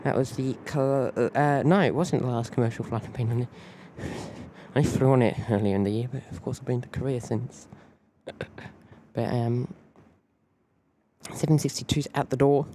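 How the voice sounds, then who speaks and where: A man's voice: mid-range voice, moderate pace, pauses often, dark tone, a little hiss or hum. A man with an Australian accent hosting a live plane-spotting stream, rambling loosely and greeting viewers by name.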